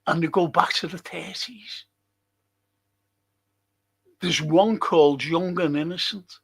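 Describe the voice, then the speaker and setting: Slow, grumbling older English host. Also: male voice, on the high side, breathy edge. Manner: grumbling, swears a lot, moaning. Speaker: livestream host. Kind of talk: casual live chat reading viewer comments.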